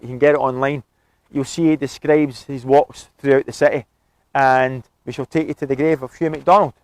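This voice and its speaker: Scottish male tour guide, higher voice, dry close sound, chatty and informative outdoors. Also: darkish tone, no echo, rough recording. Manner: chatty, informative, friendly asides. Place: outdoors in a cemetery.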